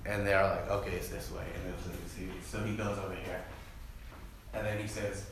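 A man's voice: low-pitched, little pitch movement, moderate pace, long pauses, background noise. A man preaching a casual, joking sermon and asking the congregation to answer back. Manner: jokey, conversational, asks the congregation to respond. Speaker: pastor. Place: church hall. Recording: echoey church hall.

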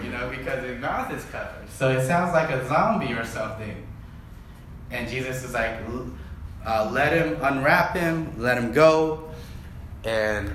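A man's mid-range, slightly bright voice leads a casual, joking sermon in which he, as pastor, asks the congregation to respond. The church hall is echoey, and there's a little hiss or hum.

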